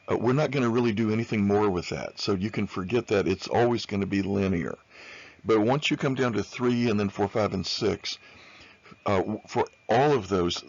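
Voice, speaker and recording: A man's voice: on the low side, highs cut off. A man lecturing on chemistry over slides in an informal way, with many fillers, often repeating key points.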